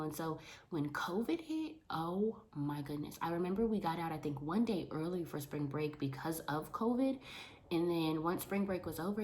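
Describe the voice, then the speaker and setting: Low-voiced young woman, animated casual vlogger, faint room noise. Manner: animated, talks with her hands. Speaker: vlogger, school paraprofessional. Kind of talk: casual vlog chat to camera.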